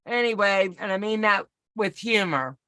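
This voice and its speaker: A woman's voice: mid-range voice, animated, moderate pace, bright, forceful tone, dry recording. A woman telling a rambling personal story in casual chat over a video call from home, chatty and folksy with self-deprecating humor. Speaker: co-host of a sewing pattern walk-through.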